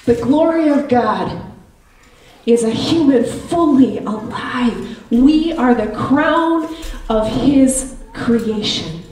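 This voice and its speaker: A woman giving an earnest, personal sermon in a church, slow and reflective. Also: on the high side, expressive, darkish tone. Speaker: lay preacher. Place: church sanctuary. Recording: roomy church hall, distant mic.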